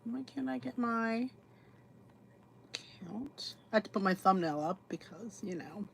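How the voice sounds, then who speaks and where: A woman's voice: medium pitch, animated, a little slow, gravelly, a little hiss or hum. A woman hosting a casual livestream podcast, chatty and a bit scattered, talking to herself while she sets up. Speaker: podcast host.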